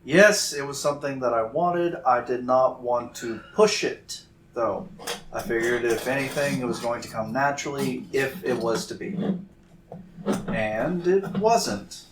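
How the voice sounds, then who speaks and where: A man playing a gentle, formal young adventurer, speaking in a measured, careful way. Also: medium pitch, echoey room, background noise, lightly acted.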